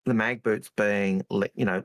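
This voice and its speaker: A man's voice: fairly low pitch, fairly even intonation, normal speed. A man co-hosting a casual talk show, easygoing and reading out viewer questions. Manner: easygoing, short agreeing replies. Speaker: podcast co-host.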